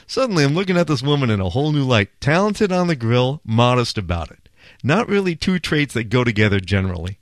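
A food blogger, a man, tells a story in a relaxed, chatty monologue and often turns to speak straight to his listeners. His voice rises and falls with lively energy as he gets excited. The sound is dry and close, with no room echo. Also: medium pitch, fairly quick.

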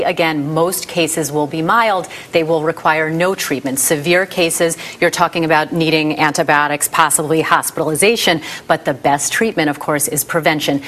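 A woman medical correspondent giving clear explanations in a news interview. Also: low-pitched, fairly bright tone, a little hiss or hum.

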